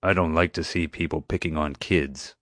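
A man's voice: a bass voice, steady tone, moderate pace, no room sound, studio quality. A man voicing a tough, protective male escort who growls his words firmly. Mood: stern. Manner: growling, firm.

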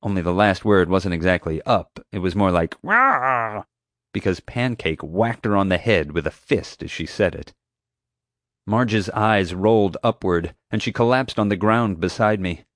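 A man reading first-person scripted narration as an audiobook narrator, with lively storytelling. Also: deep voice, normal speed, no echo, studio quality.

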